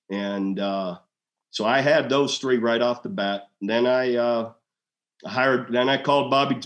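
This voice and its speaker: Older male guest, 60s, easygoing storyteller, mid pitch, voices quoted people a notch higher. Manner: animated storyteller, acts out quoted dialogue in a raised voice. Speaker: former head coach, podcast guest. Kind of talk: casual storytelling interview.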